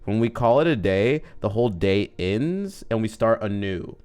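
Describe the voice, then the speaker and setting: A man's voice: fairly low pitch, animated, normal speed, darkish tone, clear, resonant tone. A man streaming a video game, chatting casually and joking with his viewers as he plays. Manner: chatty and joking, talks to chat while playing. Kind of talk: casual livestream gameplay chat. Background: faint game music.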